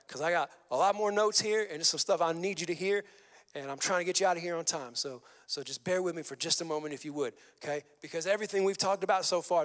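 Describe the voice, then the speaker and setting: In a church sanctuary, a male pastor with a fairly bright, higher voice preaches an energetic sermon. He blends scripture with casual slang asides, and the recording carries a long hall reverb.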